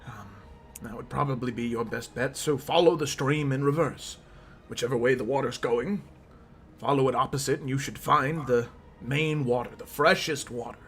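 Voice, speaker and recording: Gravelly, bright-voiced male game master. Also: medium pitch, normal speed, slight background noise. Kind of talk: narrating a tabletop game.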